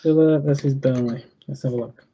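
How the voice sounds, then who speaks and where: A young man giving betting tips over a video call, thinking aloud in a halting way with many fillers and restarts. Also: mid-range voice, fairly even intonation, dark tone, slightly rough, lo-fi sound. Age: young adult. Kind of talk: thinking aloud while clicking through a screen.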